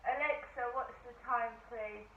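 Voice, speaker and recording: A hoarse middle-aged woman chats away to camera in a rambling, diary-like way. Her voice sits a touch high. She sounds set back from the mic in an echoey room, with a dull tone and faint hiss. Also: a little slow, far from the mic. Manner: rambling, chatty storytelling. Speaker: vlogger. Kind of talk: casual diary-style chat. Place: at home in her flat.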